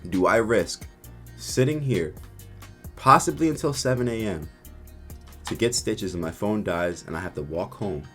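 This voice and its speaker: A man's voice: fairly low pitch, a little slow, long pauses, soft background music. A young man telling a rambling, profane story in a casual vlog, acting out the people he met. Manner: profane, rambling, animated retelling.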